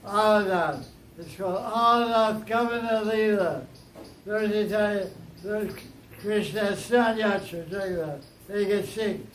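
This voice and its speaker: A high-pitched man leads an informal scripture class, retelling a story at an unhurried pace with playful asides. The sound is roomy and echoing. Faint crickets chirp in the background. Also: a bit bright, a little hiss or hum. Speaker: spiritual teacher.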